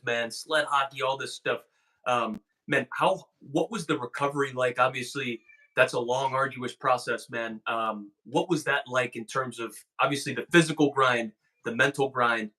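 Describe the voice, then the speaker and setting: A man's voice: mid-range voice, pushed and bright, low-quality recording. A man hosting a podcast, asking questions in a casual way and often saying "man". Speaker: podcast host. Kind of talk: interview questions.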